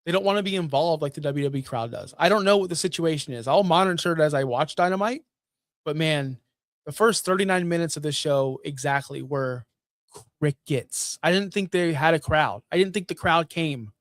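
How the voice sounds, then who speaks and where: A man's voice: on the high side, normal speed, fairly bright tone, no echo, studio quality. A man hosting a wrestling recap stream in a casual, ranting style. He repeats his points and fires off rhetorical questions. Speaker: wrestling show recap host.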